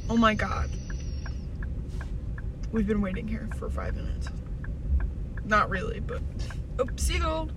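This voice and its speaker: Young woman co-host, profane and ranting, car chat caught from a distance over loud traffic noise. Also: mid-range voice, expressive, unhurried, pauses often. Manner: loud, profane, exclaims and rants. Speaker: podcast co-host. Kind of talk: casual chat.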